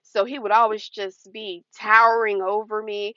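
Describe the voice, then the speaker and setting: A woman's voice: medium pitch, little pitch movement, normal speed, bright, forceful tone, no room sound. Woman, casual advice vlogger, earnest warning tone; dry, dull lo-fi take. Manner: earnest, warning, acts out quoted lines. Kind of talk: casual advice talk to camera.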